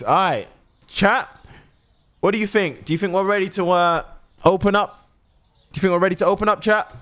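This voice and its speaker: Excitable young man streaming a game. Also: on the high side. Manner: excitable, swears a lot, talks to chat. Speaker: gaming streamer. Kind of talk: casual live game commentary.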